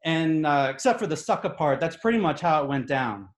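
A man telling a comic personal story on stage in an animated, exasperated, emphatic way. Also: a little high, fairly quick. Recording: echoey room.

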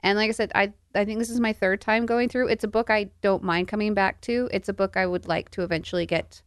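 A woman's voice: mid-range voice, steady tone, fast talker, smooth, no echo, studio quality. An adult woman co-hosting a podcast, speaking thoughtfully and earnestly in a casual book discussion. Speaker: podcast co-host.

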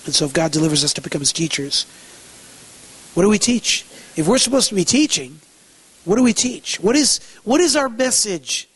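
A man's voice: sits high, sing-song, normal speed, a bit bright, breathy edge, rough recording. A man preaching a sermon, emphatic, asking rhetorical questions and repeating key phrases. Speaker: pastor.

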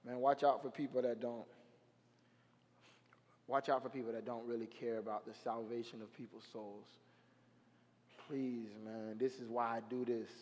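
A young man preaching a sermon in an animated, slangy storytelling way, his voice rising to shouts at the high points. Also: normal speed, pauses often. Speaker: guest preacher. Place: church sanctuary. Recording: long hall reverb.

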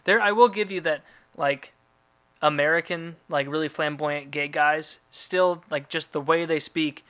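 A man's voice: fairly high pitch, steady tone, measured pace, fairly bright tone. A man hosting a podcast in casual chat, rambling and swearing as he riffs on listener emails. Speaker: podcast host.

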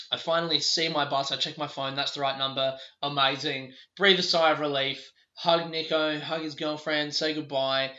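Aussie guy rambling through a travel story, laughs a lot, really bright voice, echoey room, dull lo-fi sound. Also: fairly high pitch. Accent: Australian. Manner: rambling, laughing often, swears freely. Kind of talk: casual storytelling monologue.

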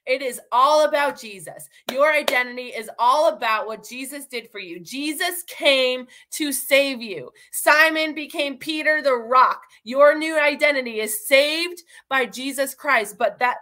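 A woman's voice: high-pitched, sharp tone. A young woman giving an earnest, encouraging devotional talk, speaking directly to her listeners.

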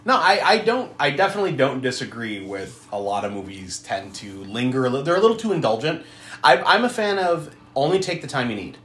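A man hosting a podcast, talking in a lively, swooping voice and laughing often. His voice has a clear room echo around it. He uses a casual chat style. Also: medium pitch, fairly quick. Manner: animated, laughs often, mimics people in quotes. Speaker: podcast host.

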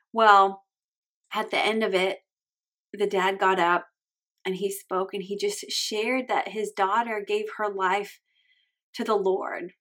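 Woman in her thirties, faith podcast host, earnest and heartfelt, close to tears, mid-pitched voice. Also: steady tone, moderate pace, a bit bright. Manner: earnest, heartfelt, tearful at times.

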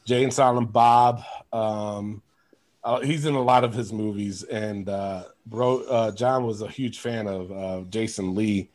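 A man hosting a podcast, telling stories in an animated, casual way, laughing often and swearing. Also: fairly low pitch, unhurried. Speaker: podcast host. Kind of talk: casual chat.

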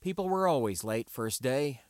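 Expressive male audiobook narrator. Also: mid-range voice, moderate pace, no echo, clean studio sound. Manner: wry, expressive reading.

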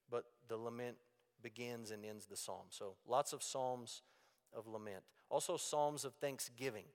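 A man teaching from the Bible in a plain-spoken, emphatic way, hitting key words hard and dropping low for asides. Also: fairly even intonation, a little slow. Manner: plain-spoken and emphatic, with sudden loud stresses and quiet asides. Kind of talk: sermon-style Bible teaching. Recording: long reverb of a large hall.

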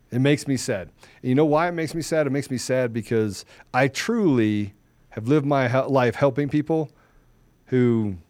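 A middle-aged man co-hosting a talk show, telling a story in quoted dialogue and turning low and soft when serious. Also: no echo. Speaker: show co-host. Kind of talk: conversational storytelling.

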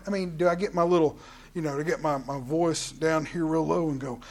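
With a medium pitch and a brisk pace, this pastor preaches a midweek sermon in a conversational style. He jumps from loud outbursts to quiet, hushed asides.

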